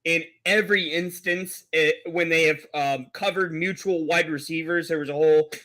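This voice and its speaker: Dude cohosting a fan sports show, bright sharp tone, strong opinions. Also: male voice, a little high, fairly even intonation, moderate pace. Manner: opinionated, emphatic. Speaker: co-host. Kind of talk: casual sports talk.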